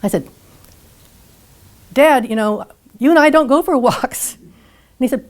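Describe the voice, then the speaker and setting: An older woman giving a talk, telling her life story in an earnest, animated way and acting out the dialogue. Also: sits high, a little slow.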